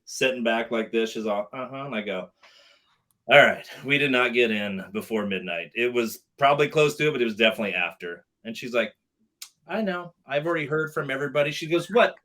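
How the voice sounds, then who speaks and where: A middle-aged man telling a story in casual chat, animated and profane, acting out both sides of a conversation. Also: mid-range voice, brisk. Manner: animated, acts out dialogue, swears often. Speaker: podcast guest telling a story.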